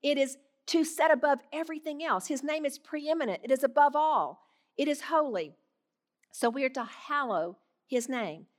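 A middle-aged woman giving devotional Bible teaching in an earnest, gently conversational way. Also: high-pitched, animated, normal speed.

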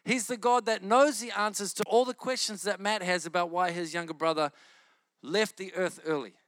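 A man's voice: high-pitched, steady tone, moderate pace, a bit bright, dry recording. A man preaching a sermon with fervent, emphatic repetition that builds in intensity.

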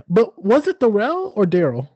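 Giggly, highly expressive podcast co-host. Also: slightly rough, no echo, dull audio. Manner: playful and giggly, quick laughs, expressive swoops in pitch. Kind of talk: casual chat, recapping a TV show.

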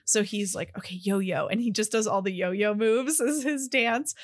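A woman's voice: mid-range voice, moderate pace, dry recording, clean studio sound. A woman co-hosting a podcast, chatting casually about a movie's characters with lots of fillers. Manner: chatty, heavy use of 'like'. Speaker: podcast co-host.

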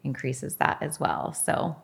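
A woman's voice: rumbling low, expressive, slow, vocal fry, husky. A middle-aged woman being interviewed as a podcast guest, telling her story frankly and with animation, swearing and laughing often.

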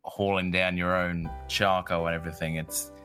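A man's voice: deep voice, flat delivery, moderate pace, bright, forceful tone, soft background music. A man co-hosting a podcast, chatting casually in an easygoing, jokey, slangy way. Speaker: podcast co-host. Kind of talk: casual chat.

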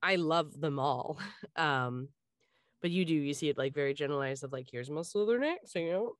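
A woman's voice: low-pitched, moderate pace, dry recording, clean studio sound. A woman from the Richmond area talking casually as a podcast co-host, rambling with lots of fillers and restarts. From Richmond area, Virginia. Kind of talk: casual chat.

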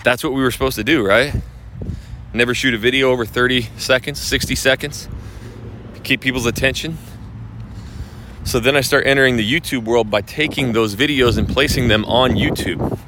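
A man's voice: medium pitch, steady tone, moderate pace, pauses often, sharp tone, slight background noise. A man coaching real estate agents on video marketing, talking casually to camera in a blunt, profane, ranting manner.

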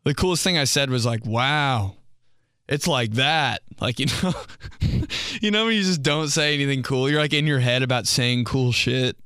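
Young dude cursing and rambling about himself on a podcast, dry close mic, middle pitch. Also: male voice, brisk, a bit bright, clean tone, no echo. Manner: rambling, profane, self-mocking, acts out quotes. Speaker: podcast host and comedian. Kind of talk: casual comedic monologue.

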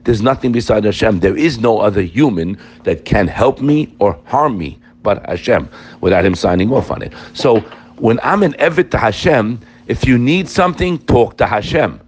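A man's voice: fairly low pitch, animated, moderate pace, husky. A man teaching an informal Torah class, emphatic and addressing his listeners directly.

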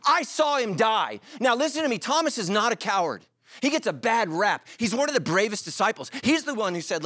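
A man's voice: high-pitched, no echo, clean studio sound. A middle-aged man preaching a sermon as a pastor, telling stories with jokes and acting out quotes. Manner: animated storytelling with jokes and acted-out quotes.

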